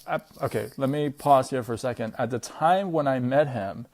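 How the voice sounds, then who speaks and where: A man with a gravelly edge to his voice tells a personal story straight to camera. He talks in a loose, chatty way, stacking fillers and checking in with his viewers. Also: medium pitch, moderate pace, darkish tone. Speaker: vlogger.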